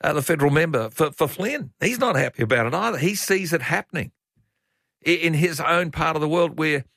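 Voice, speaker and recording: A man's voice: fairly high pitch, animated, brisk, creaky, fairly bright tone, no echo, clean studio sound. An older Australian man hosting talkback radio, chatty and opinionated, reading out listener messages.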